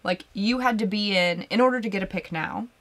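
A woman's voice: mid-range voice, fairly quick. A woman co-hosting a live whiskey show, chatting casually and reading out viewer comments. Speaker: podcast co-host.

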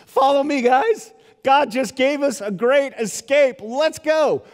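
A man voicing a bold male apostle who loudly urges his fellow prisoners on. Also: very high-pitched, fairly even intonation, slow, vocal fry, in a large hall, pitched above the performer's own voice, heavily acted. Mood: urgent. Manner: loud, urgent calling out.

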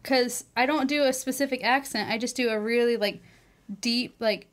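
A woman with a mixed Wisconsin and Southern accent hosting a casual radio talk show, chatty and quick to laugh. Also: on the high side, fairly even intonation. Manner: chatty, laughs often, filler-heavy.

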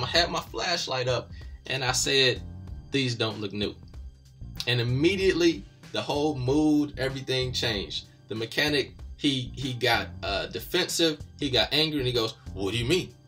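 A young man hosting his own automotive channel, casually telling a story about a mechanic and getting animated as he retells the argument. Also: medium pitch, normal speed, soft background music.

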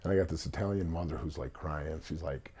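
A man, a singer telling his life story in a casual, animated interview. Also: very deep voice, brisk, slightly rough. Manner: animated storyteller, acts out quotes.

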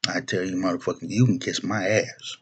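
Young man, deep voice, husky tone, profane rant, blunt and combative. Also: fairly even intonation, brisk. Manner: repeats himself, restarts phrases. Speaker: video blogger. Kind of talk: political rant to camera.

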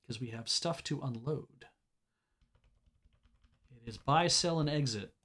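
A man streaming a game, musing out loud and hesitating as he plays. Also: medium pitch, takes it slowly. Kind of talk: casual game stream commentary.

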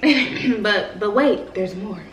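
A woman hosting her vlog who teases her twin during a mukbang chat and wraps up with a relaxed outro to her viewers. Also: medium pitch, slow pace, far from the mic, slight background noise. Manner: teasing, relaxed, hypes the audience. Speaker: vlog host. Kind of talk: casual chat and channel outro. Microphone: vlog camera. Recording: echoey room, away from the mic.

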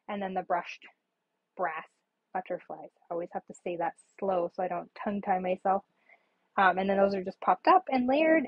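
A woman's voice: mid-range voice, breathy edge, no echo, muffled recording. A woman casually showing her handmade paper cards on a live stream, chatty and rambling with many ums. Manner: chatty, rambling, frequent ums, laughs at herself. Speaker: papercraft demonstrator. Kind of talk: casual live craft demo.

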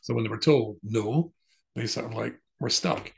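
Older English rabbi with gravelly voice. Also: male voice, mid-range voice, moderate pace, slight background noise. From England. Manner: rambling, with many fillers and restarts. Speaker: rabbi giving a talk. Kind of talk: storytelling talk.

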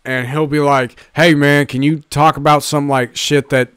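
Casting: young male podcast co-host, slightly high voice, rambling storyteller who swears freely. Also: flat delivery, normal speed, fairly bright tone, clear, resonant tone, no room sound, clean studio sound. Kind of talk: casual chat.

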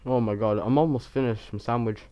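A man's voice: mid-range voice, brisk, warm tone, clear, resonant tone. A young man rambling casually as he voices over his game time lapse, stuttering and poking fun at himself. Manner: rambling, stuttering, self-mocking. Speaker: Minecraft YouTuber.

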